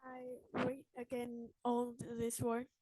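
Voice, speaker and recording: Very slow, hesitant female student. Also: fairly high pitch, monotone, warm tone, dry recording, poor audio. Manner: hesitant, halting speech with long pauses. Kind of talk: online English lesson.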